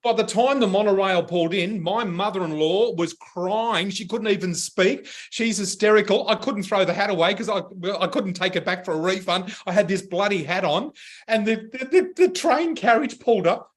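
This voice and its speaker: A middle-aged man co-hosting a radio talk show, telling a story animatedly and laughing often. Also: sits high. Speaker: radio co-host. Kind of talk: casual chat, storytelling.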